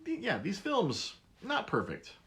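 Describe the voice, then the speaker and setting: A man hosts a podcast in a casual, rambling monologue. His voice is lively, with plenty of rise and fall in pitch. He keeps stopping and restarting his sentences as he talks. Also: a little slow, vocal fry. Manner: rambling, many restarts, animated. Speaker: podcast host.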